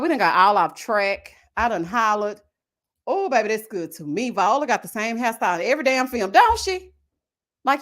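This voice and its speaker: A woman hosting a casual live chat, animated and laughing often, drawling endearments like "baby" and "child". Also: fairly high pitch. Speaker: livestream host.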